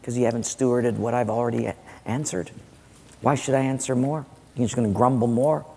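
A calm, patient God quietly rebuking those who grumble, as a preacher puts him on. The tone is soft and firm, carried on a long hall reverb. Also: male voice, medium pitch, brisk, gravelly, breathy edge, voice pushed down. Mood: gently rebuking.

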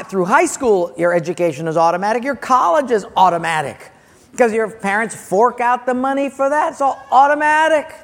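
A man preaching a sermon as pastor, animated in his storytelling and acting out characters with loud bursts. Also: very high-pitched, big-room sound.

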